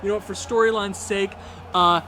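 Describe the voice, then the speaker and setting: A man giving excited let's-play commentary, yelling at the game and swinging between frantic outbursts and hushed disbelief. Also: sits high, brisk, a little hiss or hum. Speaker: gaming video creator. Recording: game music playing behind the voice. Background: video game music.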